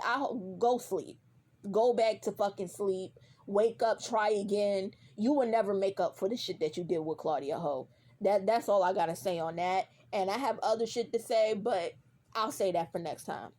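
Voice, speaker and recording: A woman's voice: medium pitch, a little mellow. Woman vlogger, casual reaction rant, heated and cussing, talks straight at the character. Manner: profane, heated, repeats for emphasis; addresses a character directly.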